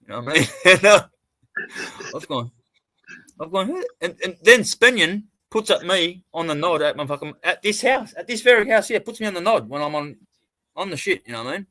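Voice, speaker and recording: A man's voice: high-pitched, very animated, brisk, bright, forceful tone, dry recording. An Australian man hosting a livestream, a sweary, rambling storyteller who restarts his sentences often. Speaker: livestream host. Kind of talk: casual livestream chat.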